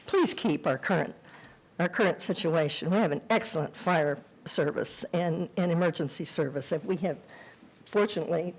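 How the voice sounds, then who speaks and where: A woman's voice: deep voice, a little mellow, poor audio. An older woman, a senior resident speaking firmly and with concern during public comment at a county meeting. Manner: firm, concerned.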